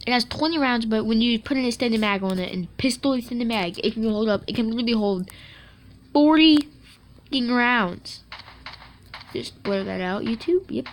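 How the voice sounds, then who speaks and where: A woman giving casual gameplay commentary, excitable and joking, with swearing and quick asides. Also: fairly high pitch. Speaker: mobile game streamer.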